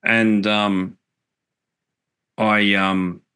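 A middle-aged man talks in a very deep, low register. He recounts things earnestly and reflectively, with casual swearing, in a relaxed interview chat. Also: very slow, smooth. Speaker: podcast guest, musician.

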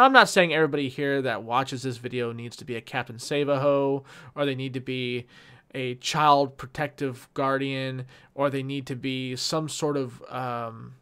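A man's voice: mid-range voice, sharp tone, clear, resonant tone. Heated, cursing man ranting to camera. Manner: heated, profane, with frequent restarts. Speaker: YouTuber. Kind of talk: impassioned vlog rant.

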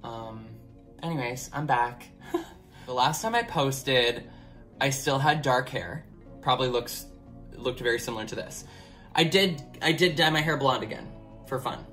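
A man's voice: medium pitch, measured pace, pauses often, a bit bright, soft background music. A young man talking casually to his camera as a vlogger, candid and rambling, with many filler words. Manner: candid and open.

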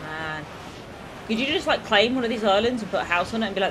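Chatty streamer with lively pitch. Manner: chatty, swearing, quick asides and laughs. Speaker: gaming streamer. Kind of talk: let's-play commentary. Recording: noisy game audio behind voice.

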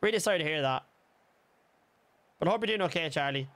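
Lively, bright-voiced Irish streamer guy. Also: a little high, fast. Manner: chatty, swears freely, reads out chat names, shouts at goals. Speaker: gaming streamer. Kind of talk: casual live-stream chat and game commentary.

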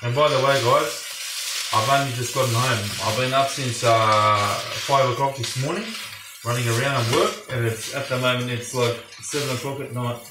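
A man's voice: mid-range voice, fairly even intonation, normal speed, noisy background. A man chatting enthusiastically to his viewers while cooking at home in his kitchen. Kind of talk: casual cooking vlog. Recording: echoey kitchen with pots and pans.

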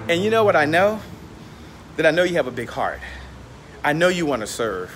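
A man's voice: fairly high pitch, big pitch swings, a little fast, long pauses, a bit bright, slight background noise. A man hosting a casual livestream vlog, walking outdoors and talking into a handheld phone, upbeat and motivational, a little out of breath. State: slightly out of breath. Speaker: host. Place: outdoors, walking near a hotel. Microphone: phone held in hand.

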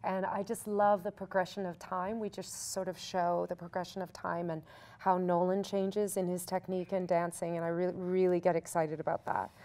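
Chatty Canadian actress. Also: female voice, on the low side, normal speed. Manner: animated, chatty, laughs easily. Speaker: musical theatre actor. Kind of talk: casual Q&A chat.

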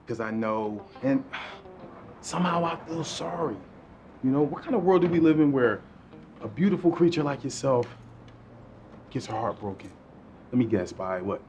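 A smooth-talking middle-aged charmer, played by an actor, lays on earnest lines and sometimes drops almost to a whisper. His voice is mid-pitched, and the audio is a little dull with a faint hiss. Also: natural voice. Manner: smooth, earnest flirting, drops to hushed tones.

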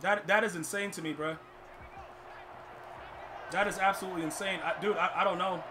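A man's voice: high-pitched, steady tone, brisk. A young man commentating his own football video game match, ranting in frustration and stumbling over his words. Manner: frustrated, ranting, stammering restarts. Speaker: gaming streamer. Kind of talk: live gameplay commentary. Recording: clear background noise.

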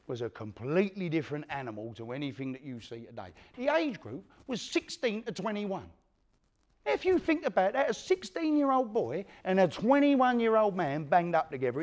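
A hardened old East London criminal, as an actor plays him, speaks in a one-man stage monologue. His voice sits a touch high and moves through a lively range. He talks straight and coarse, with plenty of swearing. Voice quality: blunt, profane street talk. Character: aging East London career criminal recalling youth. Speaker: one-man play performer. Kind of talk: theatrical monologue.

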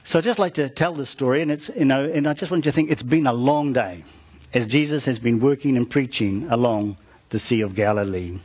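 A man's voice: mid-range voice, a little fast, darkish tone, husky. A man preaching, retelling a story to his congregation and calling out to them as he goes. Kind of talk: storytelling sermon.

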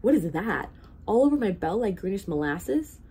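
A woman's voice: medium pitch, sing-song, normal speed, warm tone, slight background noise. A woman doing a fretful old bell ringer. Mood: worried. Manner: worried, muttering.

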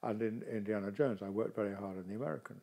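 With a lowish, fast, creaky voice, an older man who acts recounts stories in a casual interview. His storytelling is expressive and animated.

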